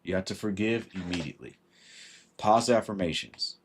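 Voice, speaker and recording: A man's voice: low voice, brisk, a little hiss or hum. A man hosting a livestream and giving blunt, emphatic advice in a casual way. He greets viewers by name as he talks. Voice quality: husky.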